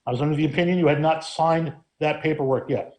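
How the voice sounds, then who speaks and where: A man's voice: fairly high pitch, fast talker, crowd noise. A man serving as law director, speaking firmly and defensively in a council meeting debate. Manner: firm, defensive, lawyerly.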